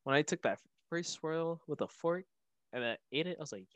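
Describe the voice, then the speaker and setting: A man's voice: fairly high pitch, expressive, moderate pace, no echo. A young man co-hosting a casual podcast, telling stories in a rambling way full of filler words. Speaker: podcast co-host. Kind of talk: casual chat.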